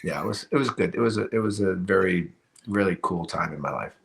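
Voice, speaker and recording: A man's voice: deep voice, brisk, gravelly, fairly bright tone. A middle-aged man, a podcast guest, telling a personal story in a casual interview, with many restarts and "you know"s. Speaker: podcast guest, retired hockey player.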